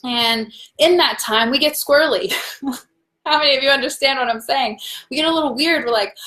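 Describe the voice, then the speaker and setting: Woman doing a live tarot stream, kinda high voice, warm and encouraging, calls everyone guys, laughs a lot. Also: brisk. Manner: reads out viewer comments, laughs often.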